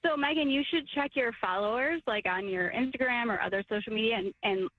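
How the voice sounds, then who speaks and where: A woman calling in to a radio show, giving quick confident advice. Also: on the high side. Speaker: radio caller. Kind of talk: call-in on radio. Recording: muffled phone-line call.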